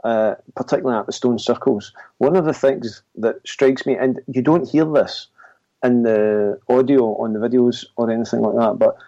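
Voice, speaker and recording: A man chatting on a paranormal podcast, telling a story in a halting, rambling way with chuckles. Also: mid-range voice, steady tone, warm tone, dry recording. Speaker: paranormal investigator co-host. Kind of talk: casual podcast chat. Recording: dull lo-fi audio.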